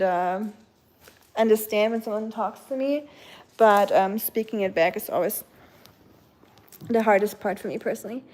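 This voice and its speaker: A woman with a German accent, a native German speaker, chatting casually on a livestream at home, answering her chat in a rambling way with many pauses and talking to her dog now and then. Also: a little high, a little mellow. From Germany, near the French border. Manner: chatty and rambling, often pausing on "um", breaking off to soothe her dog.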